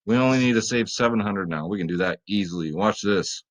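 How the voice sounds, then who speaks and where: A man with a slightly low voice giving fantasy sports lineup advice in a loose, chatty way. He swears casually and keeps talking straight to his viewers. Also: a little fast, poor audio. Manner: loose, profane, chatty, talks to viewers as "guys". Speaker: fantasy sports picks host.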